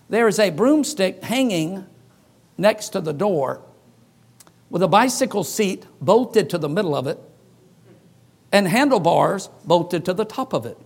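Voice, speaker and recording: A pastor with a high voice preaches to his congregation. He tells his stories in an animated way and acts out the voices of the people in them. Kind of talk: sermon storytelling.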